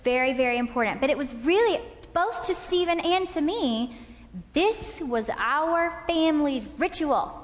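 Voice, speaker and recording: A woman in her thirties tells stories to an audience at a couples' talk in a warm, anecdotal way, frequently checking in with "okay?" Her high-pitched voice is expressive and unhurried, echoing with long hall reverb.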